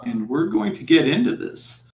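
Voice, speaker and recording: A man narrating as game master for a tabletop game, in a halting style full of fillers. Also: fairly high pitch, big pitch swings, a little mellow, roomy sound.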